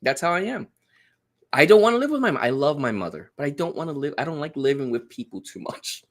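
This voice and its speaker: A man's voice: on the high side, very animated, fast talker. A man talking as a guest in a casual chat, telling stories in a dry, sarcastic, snarky way.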